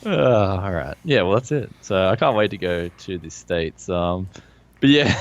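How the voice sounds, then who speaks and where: A very low-pitched Australian man chatting on a stream, joking around and laughing a lot. The audio is dull and lo-fi. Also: lively intonation, moderate pace, gravelly. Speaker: co-host. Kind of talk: casual stream chat.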